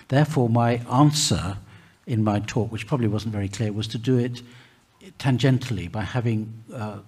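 A man speaking on a conference panel, halting with many restarts and fillers. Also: fairly low pitch, a little mellow, breathy edge. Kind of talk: panel discussion.

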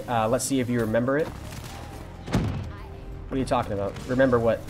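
Faint music plays behind this young man's medium-pitched voice. He speaks quickly but leaves long pauses while casually streaming a shooter game, answering chat as a laid-back college student.

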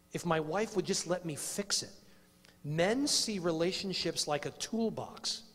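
A middle-aged male preacher with a fairly high voice tells homely stories at a men's workshop. He pokes fun at himself and keeps asking the audience questions. The sound carries a long reverb, as in a large church hall. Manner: chatty and self-deprecating, tells personal stories and quizzes the audience. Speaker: preacher leading a conference workshop. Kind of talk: conference workshop talk to men.

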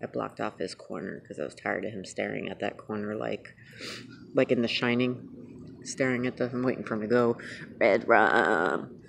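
A woman vlogging casually outdoors at night, chatting in a rambling, sometimes hushed way. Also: extremely low pitch, little pitch movement, normal speed, vocal fry, slight background noise. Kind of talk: casual chat.

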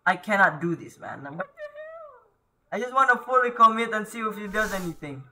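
A man doing horror let's-play commentary, jumpy, yelling and pleading at the ghost on screen. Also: high voice, animated, quick pace. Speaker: gaming YouTuber.

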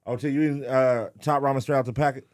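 A man with a mid-range voice chats in a relaxed, slangy way on a podcast. He sounds a little tipsy and keeps it loose and easygoing. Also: medium pitch, fast talker. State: tipsy from drinking liquor. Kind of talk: casual podcast chat.

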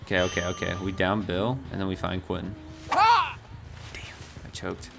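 Excitable man commentating his own gameplay. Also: deep voice, normal speed, vocal fry. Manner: excitable, talks to himself while playing. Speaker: gaming streamer. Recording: game music loud behind.

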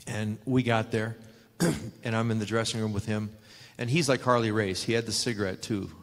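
On a stage in a large convention hall, a man in his sixties tells stories at a live panel, animatedly acting out the voices of the people he quotes. His voice sits lowish and moves at a normal speed, with roomy hall reverb in the recording.

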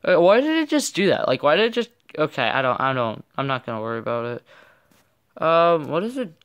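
A man giving casual, excitable gameplay commentary with playful trash talk. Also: fairly high pitch, fairly quick, clear, resonant tone. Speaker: gaming channel host.

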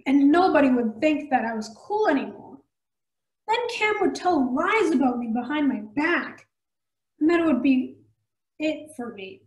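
A woman reading a children's novel aloud in a measured, expressive way. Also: sits high, echoey room, poor audio. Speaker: storybook reader.

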